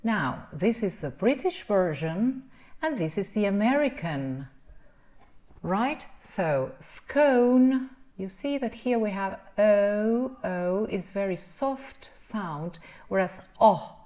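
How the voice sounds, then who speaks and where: Very slow woman teacher. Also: medium pitch, big pitch swings, mellow. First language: Spanish. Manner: drawn-out sounds, frequent "right?" checks. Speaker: English pronunciation teacher. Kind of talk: pronunciation lesson.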